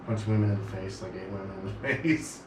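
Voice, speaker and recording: A man's voice: fairly low pitch, little pitch movement, quick pace, reverberant, recorded from a distance, noisy background. A man co-hosting a local radio talk show, joking and laughing a lot as he banters with his co-host and guest. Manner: jokey, laughs often. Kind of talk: casual banter. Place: radio studio.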